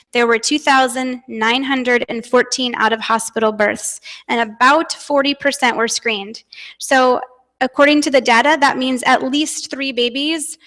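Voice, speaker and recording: Earnest American woman speaker, fairly high voice, hall reverb, conference talk. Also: fairly bright tone. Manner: earnest, personal, emotional at times. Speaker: conference speaker, parent advocate.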